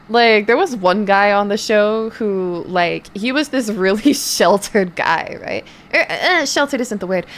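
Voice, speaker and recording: A woman's voice: mid-range voice, a little slow, few pauses. A young woman streamer casually telling a rambling story to her chat, full of fillers and swearing. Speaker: streamer and voice actor.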